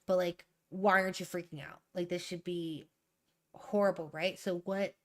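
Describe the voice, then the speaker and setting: A woman's voice: lowish voice, fairly even intonation, normal speed. A young woman thinking aloud while she edits a draft, rereading her sentences and ranting in asides. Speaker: writer streaming a writing session.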